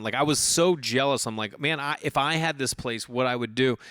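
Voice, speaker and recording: Podcast host, man, thirties, middle pitch, rambling storyteller who swears freely, dry close sound. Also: fairly quick, few pauses, dry recording. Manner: rambling, animated storytelling with swearing and many restarts. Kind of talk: casual solo storytelling.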